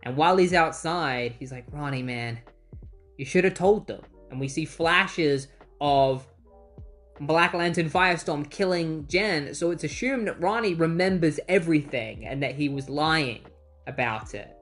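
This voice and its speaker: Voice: medium pitch, a little slow, a bit bright, faint music behind. A comic book reviewer recapping issues in casual chat, with exasperated asides.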